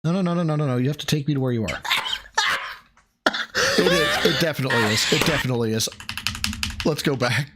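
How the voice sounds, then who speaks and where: A man streaming casual reaction commentary, crude and mocking, swinging up into high laughing squeals. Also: racing, heavy background noise.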